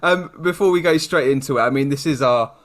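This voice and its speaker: A man's voice: mid-range voice, brisk. A British man co-hosting a podcast in casual chat, friendly and speaking directly to the listener over a video call. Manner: chatty, addresses the listener directly. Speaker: podcast co-host.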